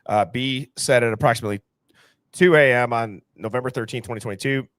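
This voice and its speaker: A man's voice: medium pitch, a little fast, a bit bright, no room sound. Dry-sounding male podcast host. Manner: conversational, says he plays clips for the audience. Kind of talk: casual podcast chat.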